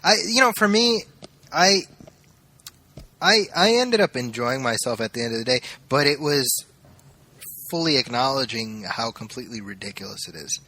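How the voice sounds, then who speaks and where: Bright-voiced man riffing on a movie. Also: mid-range voice, normal speed. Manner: animated storyteller, acts out quoted lines. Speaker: podcast co-host. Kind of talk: casual movie review chat.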